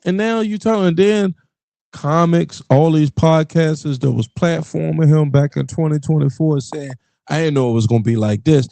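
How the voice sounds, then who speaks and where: Gravelly blunt podcast host, man. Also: fairly high pitch, normal speed, no echo. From Richmond, Virginia area. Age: middle-aged. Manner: blunt, profane, animated rants with laughs. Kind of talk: casual monologue.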